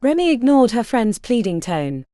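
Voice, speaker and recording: Expressive woman narrating an audiobook. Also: fairly high pitch, normal speed, no room sound, studio quality. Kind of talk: scripted narration.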